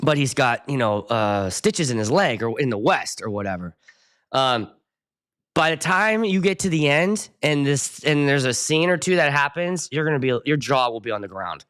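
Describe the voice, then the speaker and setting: A man from the Pittsburgh area talks casually on his own live stream, a DJ ranting at mid pitch. He rambles and jumps from topic to topic, getting worked up as he goes. His voice sits in an ordinary middle register. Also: big pitch swings, normal speed, fairly bright tone. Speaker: wedding DJ and show host.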